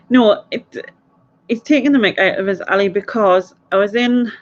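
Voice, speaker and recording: A woman hosts a casual quiz stream. She rambles through stories and laughs often. Her voice comes through dull, lo-fi audio. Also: mid-range voice. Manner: chatty, rambling, laughs a lot. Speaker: quiz host. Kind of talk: casual live stream chat.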